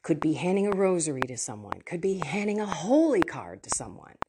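A woman hosting a Catholic podcast, telling personal faith stories in an earnest, animated way with laughs and asides. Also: sits low, brisk. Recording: audible background noise.

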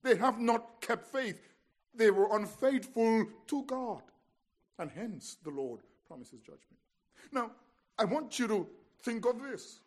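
A man with a notably high voice delivers an expository sermon. He tells it as a story, dropping to hushed lines and then pressing hard on key words. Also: animated, takes it slowly. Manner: dramatic storytelling, swings from hushed to emphatic. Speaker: preacher.

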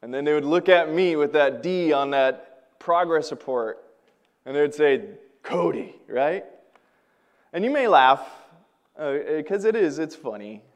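Animated preaching man, slightly high voice. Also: unhurried. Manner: animated storytelling, swings from loud to quiet. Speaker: pastor. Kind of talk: sermon.

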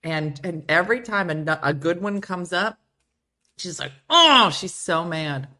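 A woman's voice: deep voice, unhurried, fairly bright tone. A woman hosting a casual livestream chat from home, playfully riffing on viewer comments. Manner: playful, reads viewer comments aloud and riffs on them. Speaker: show host.

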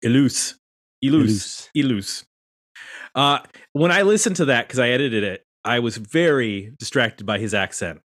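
A man's voice: mid-range voice, lively intonation, moderate pace, pushed and bright. A man hosting a casual podcast roundtable, chatty and self-deprecating as he introduces guests. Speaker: podcast host.

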